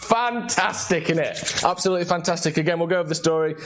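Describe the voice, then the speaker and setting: A young man hosts a casual late-night football stream. His voice sits a little higher than most men's, and he rambles through playful, jokey banter. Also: little pitch movement, very fast. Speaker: host. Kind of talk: casual live-stream chat.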